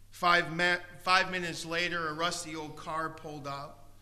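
A man preaching a sermon as pastor, his voice very bright and a touch higher than most men. He tells stories with gentle humor and pleads warmly with his listeners in the auditorium to raise a hand for prayer. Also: flat delivery, unhurried. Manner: storytelling with gentle humor, pleading altar call. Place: church auditorium.

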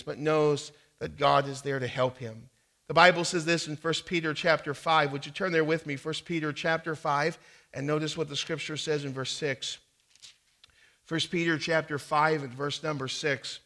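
A man's voice: on the high side, normal speed, bright, forceful tone. A man preaching a sermon, earnestly reading scripture aloud and explaining it, with frequent restarts. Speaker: pastor.

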